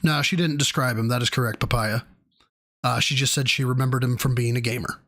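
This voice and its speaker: A man's voice: mid-range voice, steady tone, a little fast, a bit bright. A man co-hosting a live stream, thanking viewers and giving crude, profane, mocking commentary. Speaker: streamer co-host. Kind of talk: casual live-stream chat.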